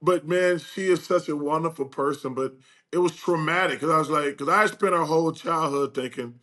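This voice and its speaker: An older man telling stories as a guest in a casual chat, acting out quoted dialogue with lively energy. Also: on the high side, normal speed. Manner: animated, acts out quoted dialogue.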